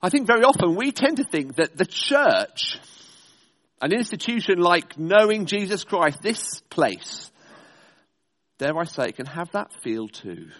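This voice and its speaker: A man's voice: high voice, big pitch swings, unhurried, a bit bright. A man preaching a sermon in a church, driving his points home with emphatic, rhetorical repetition.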